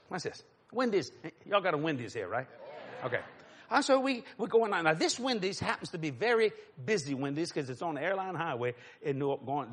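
A middle-aged preacher tells a story in a sermon, acting out the voices of other people. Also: male voice, on the high side. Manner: animated, acts out voices, chuckles.

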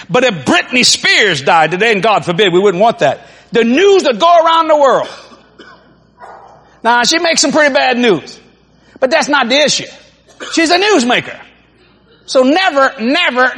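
A male preacher, his voice pitched very high and swinging widely as he acts out quotes and laughs through his stories. The tone is husky and breathy. Long reverb trails off in the large hall. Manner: animated storytelling, acts out quotes, laughs often. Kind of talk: sermon.

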